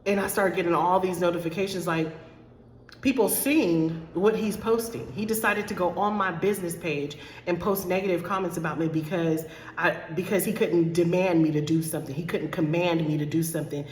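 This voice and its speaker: A woman's voice: lowish voice, a little fast, a little hiss or hum. A woman life coach talking candidly to her followers, choked up and close to tears, repeating herself and calling her viewers y'all. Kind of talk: direct-to-camera talk to followers. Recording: echoey room with long reverb.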